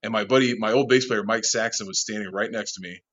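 A man guest in an interview, a bar manager telling a rowdy story, animated, laughing often and swearing freely. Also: fairly low pitch, fast, highs cut off. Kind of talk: casual storytelling.

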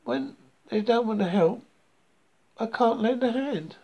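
Reader doing a kind helpful little mouse, storybook, high voice, slow. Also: lively intonation, slightly rough. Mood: sad. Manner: gentle, rhyming storybook voice.

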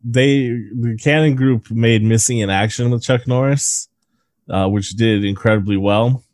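A man's voice: mid-range voice, a little slow, a little mellow, no room sound. A man co-hosting a casual movie-review podcast, sharing trivia with profanity and frequent laughter. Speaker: podcast co-host.

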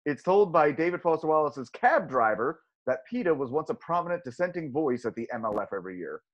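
A man's voice: a little high, very animated, brisk. A man hosting a podcast, chatting casually and reading his notes aloud. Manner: enthusiastic, reads notes aloud. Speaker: podcast host. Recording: dull lo-fi mic.

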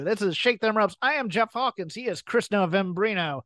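A man's voice: high voice, lively intonation, normal speed, fairly bright tone, soft background music. A man co-hosting a podcast, chatting casually in a jokey, rambling way with frequent laughter. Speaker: podcast co-host. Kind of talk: casual chat.

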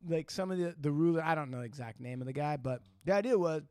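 A man's voice: fairly high pitch, quick pace, warm tone, clear, resonant tone, no echo, clean studio sound. A man hosting a podcast who banters, cracks jokes and lectures in profane, casual talk.

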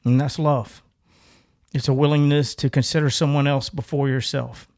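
With a mid-range voice and moderate pace, a middle-aged co-host narrates a long story on his podcast. The telling is loose and lively, full of laughter and acted-out voices for each character.

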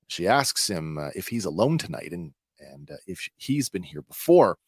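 A man's voice: sits low, very animated, normal speed, breathy edge, no room sound, studio quality. A man hosting a podcast, recapping an episode in a chatty way with many filler words. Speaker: podcast host.

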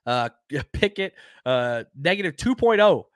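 A man's voice: fairly high pitch, very animated, a little slow, no echo, clean studio sound. A man hosting a football live stream in a casual, chatty way, full of fillers and restarts as he runs through stats.

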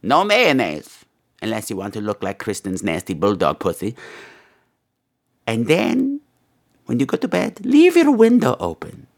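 A man's voice: huge pitch swings, a little slow, creaky, pauses often. A man playing a campy, crude gargoyle host. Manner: campy, crude, theatrical, swooping pitch. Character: crude self-made gargoyle advice host. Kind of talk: comedy podcast advice segment.

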